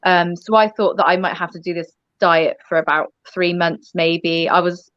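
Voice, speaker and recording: A woman guest with a fairly low voice talks through her story in a halting way, full of ums and restarts. Her sound comes through dull and lo-fi, dry and close with no room around it. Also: steady tone, dry recording. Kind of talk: casual interview.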